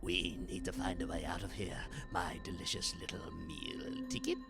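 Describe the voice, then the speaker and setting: A man voicing a sly, possessive demon with a deep voice. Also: wildly swooping pitch, normal speed, creaky, over loud music, exaggerated voice. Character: scheming male demon ally, greedy and sly.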